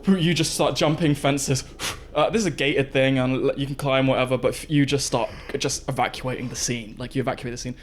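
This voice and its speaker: A man's voice: medium pitch, fairly even intonation, a little fast, few pauses, slight background noise. A man running a tabletop horror game as game master, narrating scenes and voicing police officers with many fillers and restarts.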